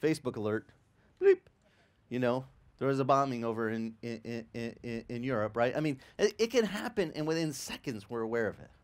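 A man preaching a sermon as pastor, telling lively stories with acted-out quotes and frequent stammered restarts. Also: medium pitch, a little fast. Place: church.

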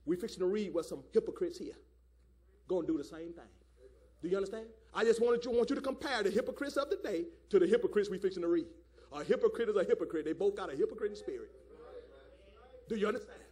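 High-voiced preacher man hollering. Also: expressive, fast, warm tone. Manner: hollering, repeats "my God, man". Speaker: elder preaching. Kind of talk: fiery Pentecostal sermon. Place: church service.

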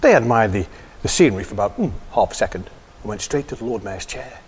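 A man telling a children's story, voicing the characters in higher pitches. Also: fast, slight background noise. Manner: lively, voices the girls in higher pitch.

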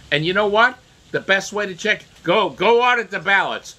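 A man giving a casual political commentary monologue, halting and repeating words as he restarts sentences. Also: sits high, bright, forceful tone, rough recording.

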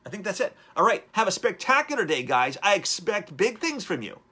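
Upbeat bright-voiced male live-stream host. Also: high-pitched, big pitch swings, a little fast, slightly rough. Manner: upbeat, rambling, exhorting viewers. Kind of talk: live-streamed motivational talk.

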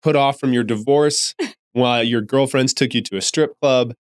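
A man's voice: mid-range voice, fairly even intonation, normal speed, clean tone, no room sound, studio quality. A man co-hosting a podcast in casual chat, joking and teasing his partner. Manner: joking, teasing, interrupts playfully. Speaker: podcast co-host.

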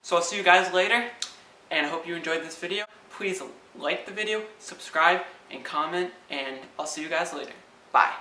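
A man's voice: fairly high pitch, moderate pace, bright, forceful tone. A man giving a sarcastic, ranting comedic vlog. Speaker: vlogger. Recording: echoey room, distant from mic, faint background noise.

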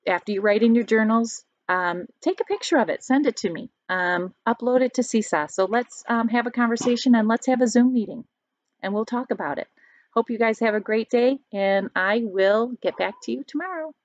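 A woman teacher reads a picture book aloud to her pupils, pausing often to explain words and ask them questions. The recording is dry and a little muffled, made close to the mic at home. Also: on the high side, dry recording.

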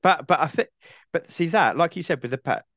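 A man's voice: on the high side, fairly quick, a bit bright, no room sound, lo-fi sound. A man hosting a film podcast with a cold, chatting casually and often ending points with tag questions. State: has a cold. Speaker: podcast host.

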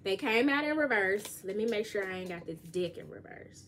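A woman, giving a casual, joking tarot reading and sometimes singing bits of songs softly. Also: mid-range voice, animated, moderate pace, a little hiss or hum. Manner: chatty, joking, sings lyric snippets softly. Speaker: tarot reader.

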